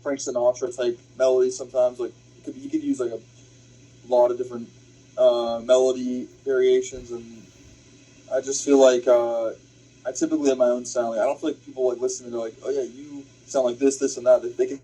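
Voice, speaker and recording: A man's voice: medium pitch, flat delivery, a little fast, warm tone, rough recording. A man, an independent musician, answering interview questions casually with many fillers and restarts.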